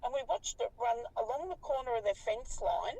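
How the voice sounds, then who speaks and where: Husky Australian woman recounting a sighting. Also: a little high, brisk, recorded from a distance, low-quality recording. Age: 50s. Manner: animated, colloquial, swears freely. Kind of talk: casual storytelling interview.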